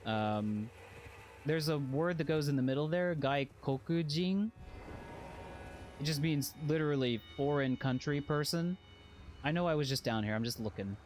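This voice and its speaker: Male streamer, slightly high voice, rambling casual commentary, keeps interrupting himself with chuckles. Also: a little slow, long pauses, darkish tone, slight background noise. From Western. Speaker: game streamer. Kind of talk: casual gameplay commentary with anecdotes.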